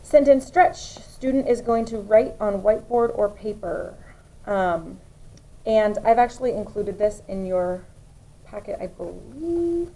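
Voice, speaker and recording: A young woman teaching first grade, explaining summer practice steps to parents and slowly sounding out words. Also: mid-range voice, expressive, mellow, rough recording. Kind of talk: instructional walkthrough for parents.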